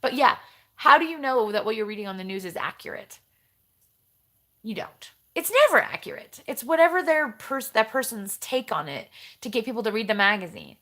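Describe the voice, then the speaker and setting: A woman with a bright, forceful voice chats on a live stream, rambling from one topic to the next. She reads viewer comments aloud and answers them directly. Her voice sits a little higher than most women's. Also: big pitch swings, fairly quick. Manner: chatty and rambling, jumps between topics, talks straight to viewers. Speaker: vlogger hosting a live stream.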